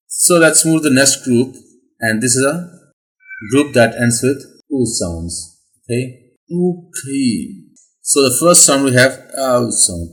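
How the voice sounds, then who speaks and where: Slow, deliberate male pronunciation teacher. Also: medium pitch, a bit bright, rough recording. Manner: slow, deliberate, repeats "okay" often. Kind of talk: explaining English pronunciation.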